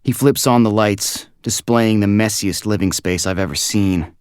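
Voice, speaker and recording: Male audiobook narrator, very low voice, quiet measured first-person read, dry close booth sound. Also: clean tone, no room sound.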